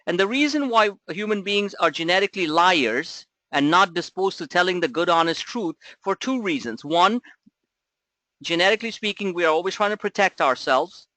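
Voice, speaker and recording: Speaking at a normal speed with an animated, high voice and a sharp tone, a trading coach leads a live market commentary webinar, recorded dry. He is blunt and forceful, peppering his talk with rhetorical questions and casual profanity.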